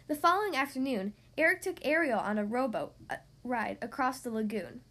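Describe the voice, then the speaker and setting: Woman storybook narrator, high-pitched, steady read-aloud with occasional slips. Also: fairly quick, hardly any pauses. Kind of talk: storybook reading.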